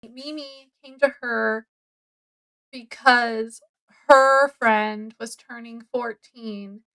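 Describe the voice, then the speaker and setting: A woman with a high voice talks through a book she has read in a relaxed, unhurried way. She is chatty and laughs a lot as she retells it. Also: poor audio. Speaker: book reviewer. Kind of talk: casual chat.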